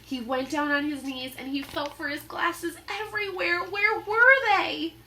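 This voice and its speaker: A woman reading a children's book aloud in an expressive, dramatic storytelling manner. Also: high voice, moderate pace. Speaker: storybook reader.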